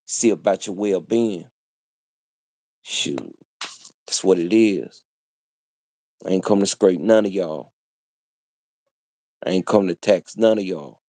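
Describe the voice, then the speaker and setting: Man, livestream monologue, preachy and repetitive, low voice, dry close sound. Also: slow pace, long pauses, warm tone, no room sound. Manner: preachy, repetitive, street slang. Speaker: livestream host.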